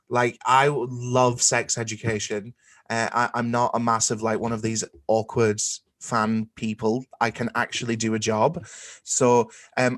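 A man's voice: medium pitch, level tone, unhurried, fairly bright tone. A young man hosting a podcast, joking and self-deprecating as he chats and signs off. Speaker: podcast host. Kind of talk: casual chat.

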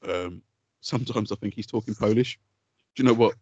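A man co-hosting a podcast, chatting casually, swearing freely and telling animated stories. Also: fairly low pitch, fairly quick, breathy edge, no echo, dull audio. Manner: swears freely, animated storytelling with put-on quotes. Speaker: podcast co-host. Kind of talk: casual chat.

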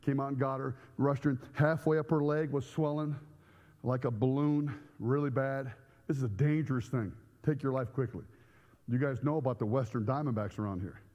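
A middle-aged male pastor telling a story in a sermon, acting out the scenes with shouts and sound effects. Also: mid-range voice, fairly even intonation, moderate pace, lo-fi sound. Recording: echoey hall.

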